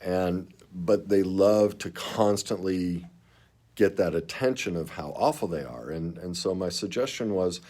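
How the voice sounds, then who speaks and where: A man's voice: low voice, unhurried, mellow. A man coaching viewers on relationships in an earnest, emphatic way, speaking straight to them. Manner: earnest, emphatic, acts out clients in quotes. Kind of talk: direct advice to camera.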